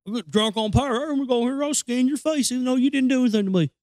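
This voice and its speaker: A man's voice: very high voice, rapid-fire, a little mellow, no room sound, studio quality, voice pushed up. A man putting on the voice of a power-drunk small-town male cop who taunts people in a drawling, sneering way.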